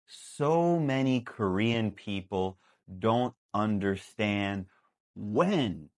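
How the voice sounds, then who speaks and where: Slow, animated male English teacher. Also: fairly low pitch. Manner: slow, emphatic explaining with acted example lines. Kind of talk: classroom video lesson. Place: classroom with a board.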